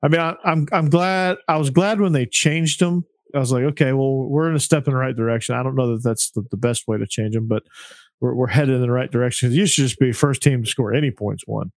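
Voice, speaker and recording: A man's voice: medium pitch, steady tone, brisk, no echo. A man with a Southern US accent hosting a casual sports chat, stammering through restarts and laughing at his own jokes. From Southern US, Georgia. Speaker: podcast host.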